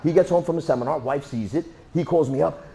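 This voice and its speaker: A man's voice: on the high side, fast talker, gravelly, mellow. A man instructing a martial arts class through a worn mic, telling stories and punching out sound effects as he demonstrates moves. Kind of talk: teaching a class. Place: training room.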